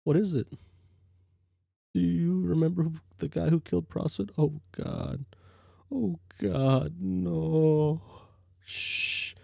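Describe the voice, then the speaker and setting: A man's voice: a little high, fairly even intonation, takes it slowly, creaky, mellow, no room sound, clean studio sound, full character voice. A man voicing a patient, coaxing young woman. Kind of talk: reading a webcomic aloud in voices.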